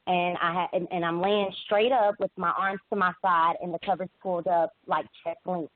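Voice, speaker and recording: A woman calling in to a talk show, telling her account haltingly with many restarts and fillers. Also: fairly low pitch, no room sound. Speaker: caller. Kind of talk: emotional call-in account. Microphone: phone. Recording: tinny phone line.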